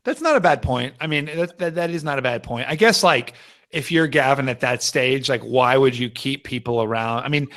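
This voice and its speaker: A man co-hosting a live aftershow. He thinks aloud, with lots of fillers and restarts, and his voice sits at a middle pitch. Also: normal speed, fairly bright tone. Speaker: co-host.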